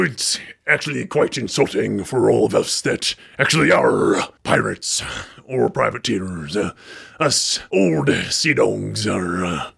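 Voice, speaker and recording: Man doing a grizzled old pirate captain, gravelly voice, rough husky tone, swooping pitch, pirate drawl. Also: a bit bright, full character voice. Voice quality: gravelly, raspy. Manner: drawling pirate talk with hesitant fillers. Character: gruff old male pirate captain, sea dog. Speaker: podcast host.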